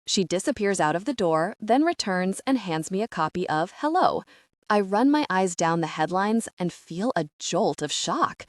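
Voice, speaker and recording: A British woman reading an audiobook in the first person, expressive and wry. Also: medium pitch, normal speed, dry recording, studio quality. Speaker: audiobook narrator.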